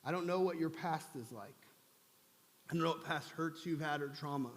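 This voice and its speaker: A man as a soft gentle lover. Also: moderate pace, close to an everyday voice. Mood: tender. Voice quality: soft, low, calm. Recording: long church hall reverb.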